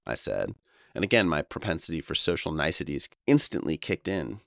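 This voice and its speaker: A man in his fifties from Long Island, New York, narrates his own memoir in a wry, reflective voice. His voice is exceptionally deep, and the recording is close and completely dry. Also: normal speed, gravelly, a bit bright, no room sound. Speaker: author and narrator.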